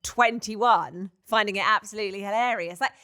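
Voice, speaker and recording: A young woman co-hosting a podcast in casual chat, quick to laugh and throwing in wry remarks. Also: mid-range voice, sharp tone, a little hiss or hum. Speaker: podcast co-host.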